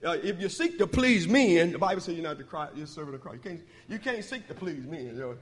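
A man with a high voice preaches with emphatic call-and-response, jumping from loud declarations to quiet, confiding asides. His voice rings out in a church sanctuary with a long, trailing reverb. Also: animated, fast talker. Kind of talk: sermon.

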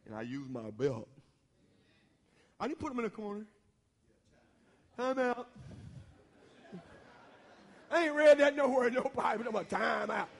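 A middle-aged man preaching a sermon, folksy and quick to laugh, often asking the congregation questions. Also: very high voice, big pitch swings, gravelly.

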